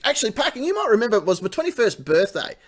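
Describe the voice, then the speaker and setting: A man's voice: high-pitched, very animated, racing. Australian man telling prank-call stories. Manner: storytelling, laughing, acting out phone calls. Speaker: co-host. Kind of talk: casual chat.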